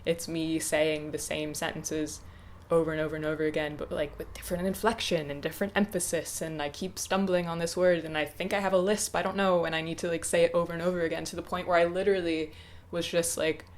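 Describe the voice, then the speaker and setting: A young woman in her twenties talking to camera off the cuff, hesitant and reflective, with many pauses and restarts. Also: on the low side, flat delivery, slight background noise. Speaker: YouTuber. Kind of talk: casual unscripted talk to camera.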